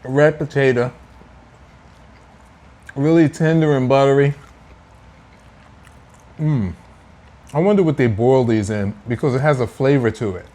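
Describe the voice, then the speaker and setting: A man's voice: mid-range voice, measured pace, long pauses, warm tone. A man hosting a casual food vlog, playful and teasing as he talks to viewers at home. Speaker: food vlogger. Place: indoors at home.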